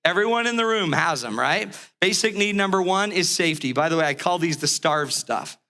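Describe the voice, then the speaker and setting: Middle-aged male relationship speaker, animated storyteller, high bright voice. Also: fairly quick. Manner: animated storyteller, acts out characters. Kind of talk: motivational talk with acted-out stories.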